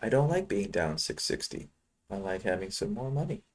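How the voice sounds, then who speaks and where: A man's voice: fairly low pitch, very animated, moderate pace. A man from Chicago talking casually to his viewers while trading futures, rambling between trades. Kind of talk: casual live-trading commentary.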